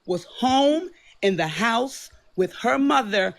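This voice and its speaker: A woman in her fifties calling into a livestream, speaking in a slow, emphatic, lecturing way. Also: fairly high pitch, expressive, vocal fry. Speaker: caller. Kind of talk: earnest livestream commentary.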